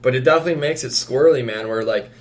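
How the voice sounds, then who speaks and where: Young male podcast co-host, relaxed, rambling, mid-range voice. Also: mid-range voice, very fast. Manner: laid-back, rambling, says "man" often. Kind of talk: casual chat.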